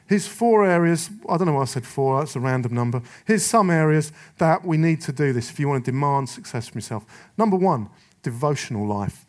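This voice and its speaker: A man's voice: a little high, animated, a little fast. A middle-aged man delivers a sermon with rallying force. He drives his points home in punchy repeated phrases. Now and then he slips into little voices to mimic excuses. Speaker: preacher. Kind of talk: sermon to men.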